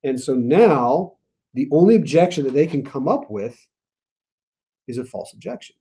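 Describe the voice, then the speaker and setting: A man with an American accent leading a casual Bible study, animated and playful, laughing as he explains the text. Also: medium pitch, moderate pace.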